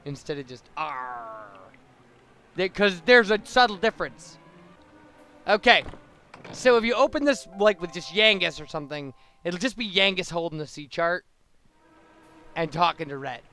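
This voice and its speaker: Bright-voiced man chatting over gameplay. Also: high-pitched, lively intonation, moderate pace, pauses often, faint music behind. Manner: chatty, laughs often. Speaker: gaming video host. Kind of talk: casual gameplay commentary.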